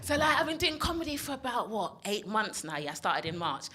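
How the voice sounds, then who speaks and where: A woman with a London accent doing a stand-up comedy set. She is playful and chatty, keeps checking in with the crowd, and has a slightly husky voice. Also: medium pitch, sing-song, brisk, noisy background. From North West London. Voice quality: husky from smoking.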